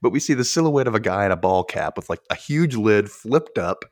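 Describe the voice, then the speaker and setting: Low-ish guy on a podcast recapping a show, swings his voice all over doing the characters, dry sound. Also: fairly quick, no echo. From Memphis. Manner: animated, acts out characters' lines, laughs often. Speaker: podcast host. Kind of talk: casual chat recapping a TV episode.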